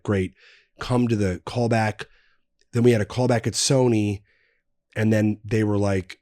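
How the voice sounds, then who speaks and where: Low-voiced man telling a rambling story. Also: a little mellow, no room sound. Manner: rambling anecdotes with many fillers. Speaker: guest. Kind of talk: casual storytelling chat. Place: podcast studio.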